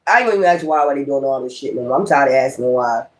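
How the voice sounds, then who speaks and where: A man's voice: medium pitch, lively intonation, rapid-fire. A man, a tarot reader, talking in a rambling, profane and emphatic way in a casual spiritual vlog monologue.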